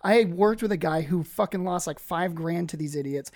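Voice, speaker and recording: A man's voice: a little high, normal speed, a loud crowd. A man co-hosting a casual podcast, talking bluntly and swearing casually. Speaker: podcast co-host. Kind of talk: casual chat.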